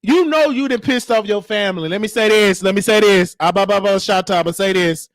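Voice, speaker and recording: High-pitched animated man telling stories. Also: a little fast, dry recording, studio quality. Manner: animated, acts out quotes, frequent laughter. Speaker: host. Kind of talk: storytelling monologue.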